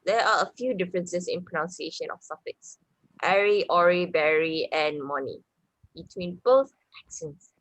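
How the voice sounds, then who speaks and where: Lower-voiced woman reading word lists. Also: expressive, moderate pace, no echo, poor audio. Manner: list-reading, a bit hesitant. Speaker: student presenter. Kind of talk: reading a phonetics presentation.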